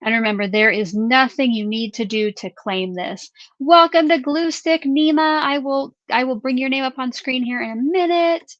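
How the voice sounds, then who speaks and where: Woman, craft livestream co-host, casual chatty talk, drawn-out winner announcements, dry slightly muffled stream audio. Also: a little high, a bit bright, no echo. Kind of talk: casual livestream chat and giveaway draw.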